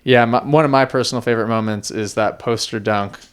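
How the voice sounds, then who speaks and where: A man co-hosts a casual sports podcast in a smooth, resonant voice. He talks eagerly and rambles, leaning on fillers as he goes. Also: mid-range voice, fairly even intonation, brisk. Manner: eager, rambling fan talk with many fillers. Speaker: podcast co-host.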